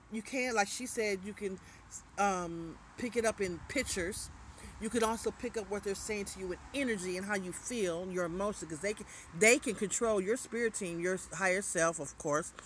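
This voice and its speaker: A woman's voice: medium pitch, a little hiss or hum. A woman hosting a casual livestream, reading viewer comments and giving spiritual advice in a loose, rambling way. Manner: chatty and loose, trailing off and restarting. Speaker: livestream host.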